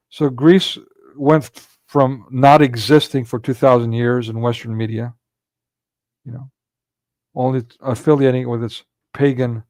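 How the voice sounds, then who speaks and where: A man's voice: mid-range voice, darkish tone, no echo. A man hosting a casual livestream commentary, talking in a rambling way with frequent restarts and filler words. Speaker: livestream host.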